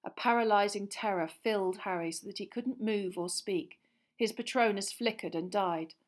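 A woman narrating a fantasy novel aloud with tense, expressive storytelling that builds suspense. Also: medium pitch, normal speed. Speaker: audiobook reader.

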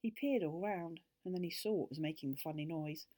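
A woman reads a children's book aloud, gentle and expressive as she carries the story along. Her voice sits a little low for a woman. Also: a little fast.

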